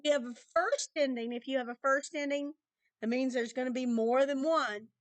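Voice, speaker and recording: A woman's voice: sits high, fairly even intonation, normal speed, no room sound. A woman teaching a recorded music lesson to children, patiently explaining rhythms and counting them aloud.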